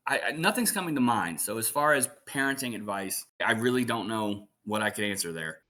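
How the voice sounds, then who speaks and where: Bright-voiced man telling stories. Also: fairly low pitch, brisk. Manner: animated storyteller. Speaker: guest voice actor and streamer. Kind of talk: casual interview chat.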